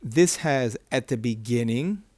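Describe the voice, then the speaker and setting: A male Hebrew teacher leads a whiteboard reading lesson, repeating key terms and frequently asking questions to check understanding. His mid-pitched voice is animated, a little slow and a bit mellow, recorded dry without room echo.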